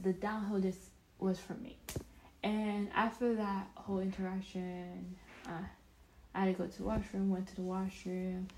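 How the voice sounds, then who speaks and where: Slow, rambling young woman vlogger. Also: medium pitch, a little mellow, slight background noise, rough recording. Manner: rambling, self-deprecating, chatty with many restarts. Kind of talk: casual storytelling to camera.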